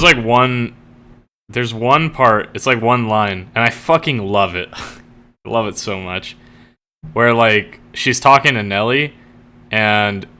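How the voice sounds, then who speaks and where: Rambling, bright-voiced young man streaming. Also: lowish voice. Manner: rambling, full of "like" fillers; excitable when enthusiastic. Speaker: streamer and fiction writer. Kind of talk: casual live-stream chat.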